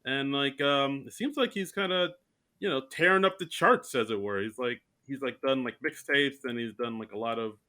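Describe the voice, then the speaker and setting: Male podcast co-host, bright tone, animated and self-mocking, casual chat. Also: medium pitch, normal speed. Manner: animated, self-mocking, talks in bursts with restarts.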